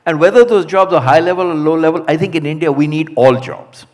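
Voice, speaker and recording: Measured, polite male panelist. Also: on the high side, a little mellow. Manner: polite, measured, lists points. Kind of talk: panel discussion answer.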